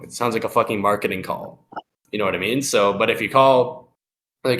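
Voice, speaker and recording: A man's voice: fairly low pitch, a little fast, fairly bright tone. A young man giving loose, profane sales advice on a live call, acting out phone calls. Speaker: sales expert guest.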